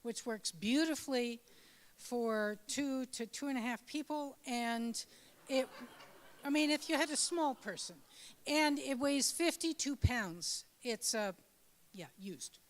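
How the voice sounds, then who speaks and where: A woman describing a donated item in a halting, hesitant way. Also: sits high.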